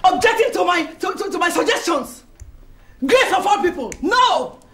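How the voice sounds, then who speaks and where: An actress with a Nigerian accent playing a proud, domineering society lady who rages and shouts at her rivals. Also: very high-pitched, sing-song, normal speed, full character voice. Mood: indignant. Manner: shouting, indignant, theatrical outbursts. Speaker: actor in a film. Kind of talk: melodramatic film acting. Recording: echoey room with music underneath.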